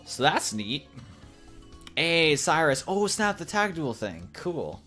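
Young man, let's play commentary, excitable, trash-talking, animated pitch. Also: slow, faint music behind. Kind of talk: live gameplay commentary.

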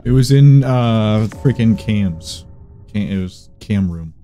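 A man's voice: lowish voice, lively intonation, takes it slowly, mellow, soft background music. A man streaming an online game, muttering sarcastic asides and swearing casually. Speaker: streamer playing a social deduction game. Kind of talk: casual gaming chat.

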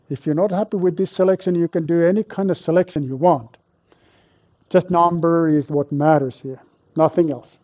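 A man lecturing a university class live, with a fairly high, mellow voice. He walks through the material step by step, puts questions to the room and teases the students about their answers. The stream sounds dull and lo-fi. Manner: quizzes students and teases them. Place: lecture hall with a live audience.

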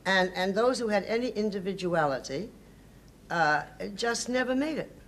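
A woman's voice: medium pitch, animated, normal speed. Emphatic older woman, sardonic. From United States. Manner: emphatic, hesitant restarts, sardonic. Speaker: interview guest. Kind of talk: reminiscing interview.

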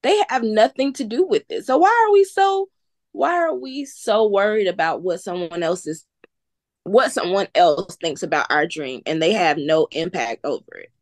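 A woman's voice: lowish voice, moderate pace, dry recording. A woman from the American South, a guest entrepreneur, telling her story earnestly with faith in God. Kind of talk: casual interview talk.

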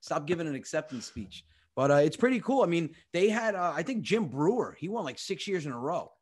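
With a high-sitting, darkish voice, big pitch swings and a slightly fast pace, a young American comedian guests on a podcast. He tells comic stories in an animated way, acting out quoted people and swearing freely.

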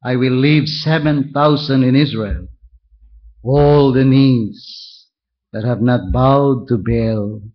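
A man preaching a verse-by-verse sermon, reading scripture aloud and pointing out each step with deliberate care. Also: medium pitch, highs cut off. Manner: slow, deliberate, walks through verses point by point. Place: church.

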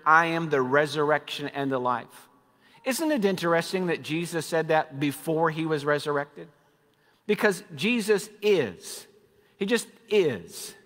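A man preaching a sermon as pastor, fervent, rising loud and then dropping soft and low. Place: church sanctuary. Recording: long reverb of a church hall.

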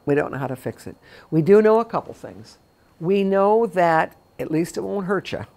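A woman's voice: sits low, vocal fry, darkish tone. A middle-aged woman, a memory care consultant, talking with caregivers in a chatty, story-telling way and acting out quoted dialogue. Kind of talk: talk to caregivers.

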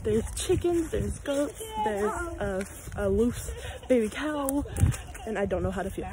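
A woman's voice: mid-range voice, expressive, unhurried, crowd noise. A young woman vlogging on a farm, playful and laughing, cooing at the animals, filmed on a handheld camera. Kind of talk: casual vlog narration. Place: outdoors on a farm. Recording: noisy outdoor farm recording.

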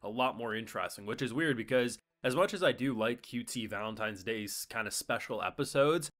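A man hosting a casual anime review, animated and acting out characters' lines as he talks. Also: mid-range voice, brisk. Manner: animated, acts out quotes. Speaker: streamer and reviewer.

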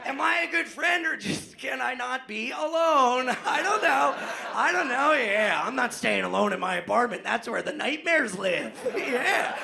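A man doing a loud, manic, self-mocking stand-up set on a club stage in front of a live audience, often laughing at his own jokes. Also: very high voice, expressive, measured pace, gravelly. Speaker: stand-up comedian.

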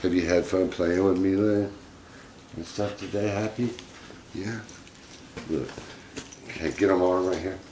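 A middle-aged man talking fondly and gently to his pet monkeys in a casual home vlog. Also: deep voice, fairly even intonation, unhurried, pauses often, roomy sound, a little hiss or hum. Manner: gentle, doting, chuckling baby talk to pets.

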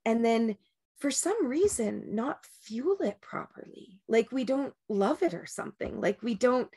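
A woman's voice: fairly high pitch, lively intonation, a little slow, mellow, husky. A woman giving a casual, rambling talk on breaking habits before a group meditation, often restarting and checking in with "right?".

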